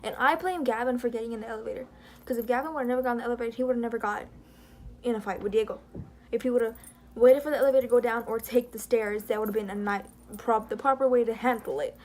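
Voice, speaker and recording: A woman's voice: a little high, steady tone, quick pace, darkish tone. A young woman vlogging, telling a story in a rambling, heated way and acting out what others said. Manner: rambling, heated, retelling drama with quoted dialogue. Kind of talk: casual commentary vlog.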